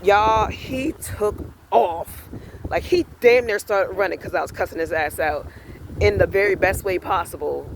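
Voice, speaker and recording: A man's voice: high-pitched, unhurried, gravelly, background noise. A man telling a heated story in a casual, profane rant, acting out both sides of an argument. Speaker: self-styled spiritual vlogger.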